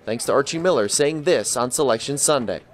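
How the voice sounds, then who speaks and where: A man reporting sports news for television with an upbeat, crisp delivery. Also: medium pitch, fairly quick.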